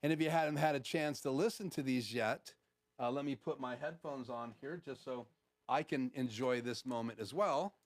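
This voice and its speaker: A man's voice: medium pitch, moderate pace. A man hosting a casual live stream, walking through his studio audio gear in an explanatory way with frequent fillers. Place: home studio.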